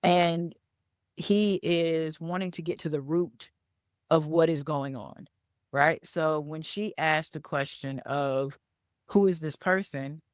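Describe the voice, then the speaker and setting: Her voice sits low and steady, and she takes her time. As a business coach hosting a solo podcast, she teaches through a chatty story, checks in with "okay?" and "right?", and repeats words for emphasis, all in studio quality with no room sound.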